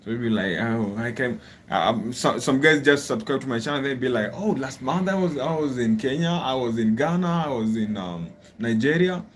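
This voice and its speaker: A man talks in an even, medium-pitched voice and sounds calm and agreeable. He speaks at a measured pace, like a guest in a relaxed street conversation. Faint outdoor noise sits behind his voice. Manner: agreeable, measured, back-channels often. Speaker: fellow travel vlogger, guest. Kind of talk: casual conversation.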